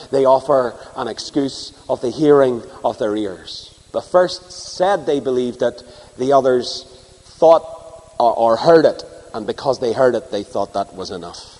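A man preaching a sermon to a congregation, swinging from loud emphasis to hushed asides. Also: mid-range voice, in a large hall, poor audio. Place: church before a live congregation.

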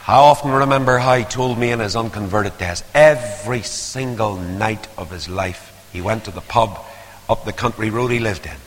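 An older man preaching a sermon, swinging from hushed asides to loud, rising appeals. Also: fairly low pitch, moderate pace. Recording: long hall reverb.

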